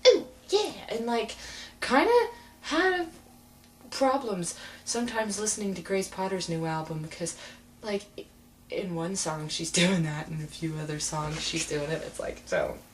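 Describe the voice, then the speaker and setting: A young woman ranting casually to her webcam, animated and sarcastic, often breaking into mocking impressions. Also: fairly low pitch, unhurried, slight background noise. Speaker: vlogger. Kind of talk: casual rant to camera.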